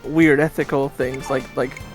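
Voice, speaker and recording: A man's voice: medium pitch, flat delivery, unhurried, over loud music. A man co-hosting a game stream, chatting casually and reading viewer comments aloud.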